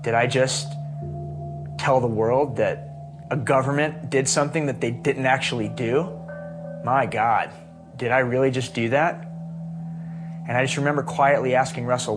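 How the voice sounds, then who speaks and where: A man's voice: medium pitch, steady tone, moderate pace. A man in an interview, earnestly recounting and questioning his own past actions. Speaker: interviewee, expedition member. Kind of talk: reflective interview testimony. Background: music.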